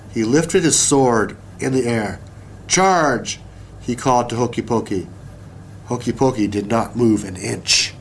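A man reading a children's story aloud, slow and deliberate. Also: medium pitch, a little hiss or hum. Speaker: narrator.

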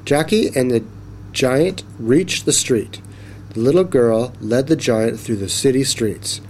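Slow-reading man telling a kids' story. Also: mid-range voice, a little hiss or hum. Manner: slow, expressive, animated reading. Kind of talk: children's story read-aloud.

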